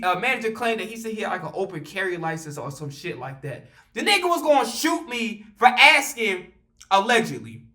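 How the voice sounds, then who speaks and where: A young man telling a casual, animated, profane storytime story at home, with loose slang. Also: sits high.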